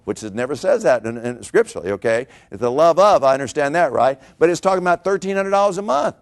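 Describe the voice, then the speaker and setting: A middle-aged man delivers a motivational money seminar at a rapid clip. His voice sits high for a man, and he keeps hammering points home with rhetorical questions. He sounds energetic and a little preachy. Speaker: financial seminar speaker.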